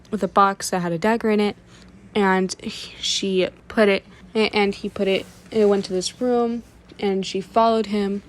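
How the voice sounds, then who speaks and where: A woman's voice: medium pitch, a little hiss or hum. A woman casually retelling a comic's plot, stringing events together and often restarting her sentences. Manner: frequent restarts and self-corrections. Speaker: webtoon recap creator. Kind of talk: casual story recap.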